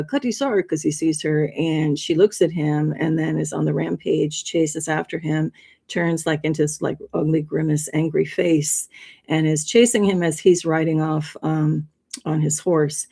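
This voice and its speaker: Chatty low-voiced woman host. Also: vocal fry, warm tone, husky. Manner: rambling, chatty, laughs often. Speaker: livestream host. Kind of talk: casual presentation.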